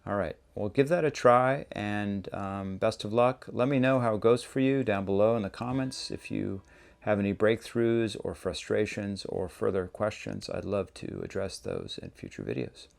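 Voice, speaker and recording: A man hosting a songwriting lesson, explaining step by step in a relaxed, conversational way. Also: lowish voice, moderate pace, vocal fry. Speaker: songwriting teacher, show host. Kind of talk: casual instructional talk.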